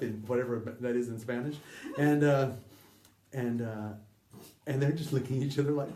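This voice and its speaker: A man telling a story to a small group in a rambling, animated way, full of restarts and fillers. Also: medium pitch, brisk. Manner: rambling, frequent fillers and restarts, laughing asides. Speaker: storyteller at a spiritual gathering. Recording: echoey room, far from the mic, faint noise.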